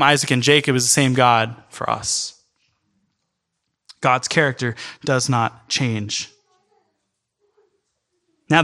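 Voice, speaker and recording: A man preaching a sermon in an earnest, emphatic way, speeding up in bursts and then slowing down. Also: mid-range voice, sharp tone. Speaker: pastor. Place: church in New York City.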